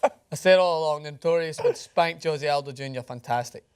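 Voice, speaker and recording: A man's voice: on the high side, moderate pace, clean tone. Enthusiastic male sports show host. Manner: enthusiastic, laughing often. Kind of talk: casual sports chat.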